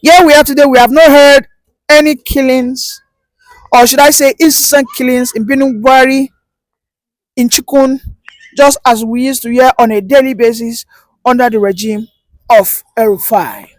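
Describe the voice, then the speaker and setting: A woman's voice: high-pitched, fairly even intonation, normal speed, dry recording, rough recording. A woman delivering impassioned political commentary, emphatic and rhetorical, repeating points for force. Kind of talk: opinion commentary.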